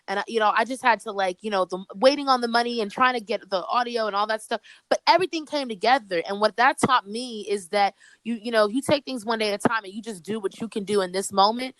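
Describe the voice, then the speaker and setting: A woman comedian, a podcast guest speaking by phone, telling a story in an animated way with many restarts. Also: fairly high pitch, quick pace, dry recording, rough recording. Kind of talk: casual chat.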